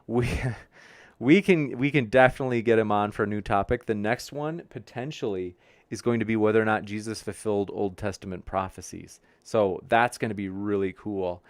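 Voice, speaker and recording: A man's voice: on the low side, moderate pace, no room sound, studio quality. A man hosting a debate livestream, reading and answering viewer chat in a friendly, upbeat way and stumbling over viewer names. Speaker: debate show host reading live chat.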